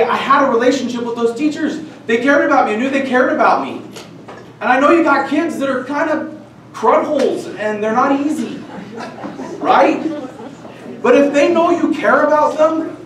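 A man's voice: very high voice, fairly bright tone. A man presenting a training session to teachers, speaking earnestly and candidly and sharing personal stories. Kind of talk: professional development talk to teachers. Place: school meeting room. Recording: echoey room from far off, faint noise.

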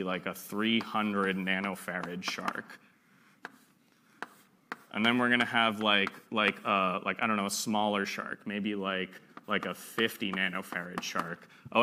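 Young man, lecturer, bright voice, casual and chatty, playful analogies. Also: lowish voice, a little hiss or hum. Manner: chatty, uses playful analogies, frequent "right?". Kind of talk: informal classroom lecture. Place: lecture room.

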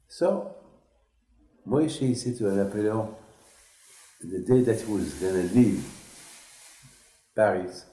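Slow, halting rabbi. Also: male voice, fairly low pitch, lively intonation, warm tone. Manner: halting, repetitive storytelling. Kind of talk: storytelling sermon. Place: synagogue class hall. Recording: echoey room.

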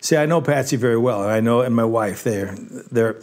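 A man telling a faith story in casual conversation, earnest and halting, getting emotional as he speaks. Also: mid-range voice, a little mellow. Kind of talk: casual testimony.

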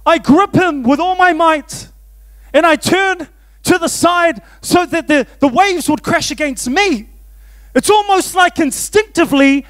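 A man, preaching a sermon in an animated, self-mocking way and often laughing. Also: very high voice, measured pace. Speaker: pastor. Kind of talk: storytelling sermon.

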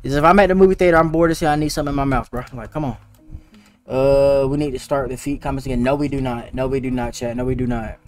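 A young man streaming a game, chatting fast and slangy with his viewers and teasing players. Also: mid-range voice, level tone, a little mellow, soft background music. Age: young adult. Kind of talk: casual gaming livestream chat.

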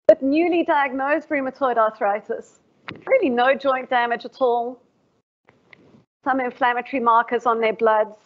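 A reflective South African woman professor gives a formal public lecture, putting questions to the room in a slightly high voice. The livestream audio sounds muffled, dull and lo-fi.

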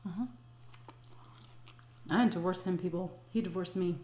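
A woman's voice: on the low side, steady tone, normal speed, darkish tone, echoey room, slight background noise. A middle-aged woman vlogger telling a personal story in a casual, blunt and profane way. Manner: blunt and profane, vivid retelling. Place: indoors at home, eating on camera.

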